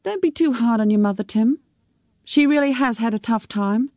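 A woman's voice: a little high, normal speed, dark tone, no room sound, studio quality, pitched above the performer's own voice, close to an everyday voice. A woman voicing a composed adult woman who speaks in a soothing, assured way. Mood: calm.

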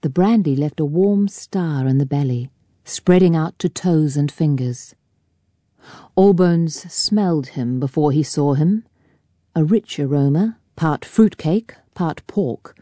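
A woman reading a novel aloud in a measured, even narration on a close mic. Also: low voice, dry recording. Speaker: audiobook narrator. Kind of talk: scripted narration.

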